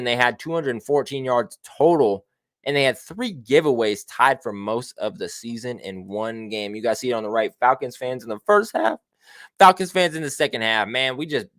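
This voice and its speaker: A man hosting a casual sports talk show, speaking at a middle pitch with a loose, slangy delivery full of "man" and "bruh". He is brash and excitable, and his voice is recorded dry and close. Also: dry recording. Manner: slangy and profane, with frequent "man", "bruh" and "baby". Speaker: show host.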